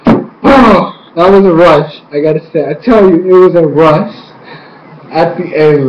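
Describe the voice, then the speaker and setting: A young man giving an excited, rambling casual review, acting out characters' lines as he retells the story. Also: on the high side, slow pace. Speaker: YouTube reviewer. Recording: echoey room, dull lo-fi mic.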